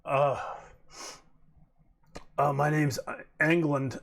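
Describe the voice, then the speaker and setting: A man's voice: fairly high pitch, steady tone, gravelly. Male game master, hesitant, filler-heavy delivery. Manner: halting, with many fillers. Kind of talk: running a tabletop game, voicing a werewolf.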